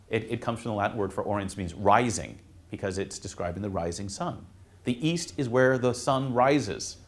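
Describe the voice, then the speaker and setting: A man, a priest, teaching students in a classroom in a casual, halting way, with many fillers and restarts. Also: medium pitch. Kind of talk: informal classroom talk.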